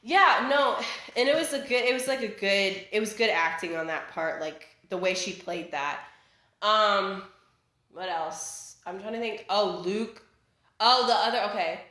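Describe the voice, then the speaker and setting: A woman's voice: medium pitch, measured pace, bright, forceful tone. A young woman talking casually in a chatty, rambling way, full of fillers and restarts, recorded in her living room. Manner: chatty, filler-heavy, self-interrupting. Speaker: vlogger. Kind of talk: casual rant. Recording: echoey home room.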